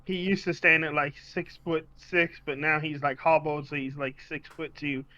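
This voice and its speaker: Guy at a tabletop game, rambly, lots of ums, fairly high, lo-fi mic. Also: level tone, normal speed, pushed and bright. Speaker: player.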